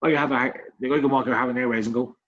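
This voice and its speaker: An Irish man rants through a loose, casual podcast chat, cursing freely and doubling back on his words. His voice sits at a middling pitch. The recording is a little muffled and lo-fi. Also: fairly even intonation, fast, a little hiss or hum. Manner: swearing, ranting, repeats himself. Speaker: podcast co-host.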